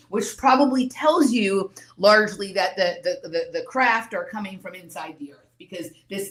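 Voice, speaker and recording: A woman speaking at an average pitch in loose, speculative podcast chat, piling one idea onto the next with filler words. Her voice carries a noticeable roomy echo. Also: a bit bright. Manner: speculative musing, strings ideas together with many "like"s. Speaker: podcast guest. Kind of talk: casual conversational chat.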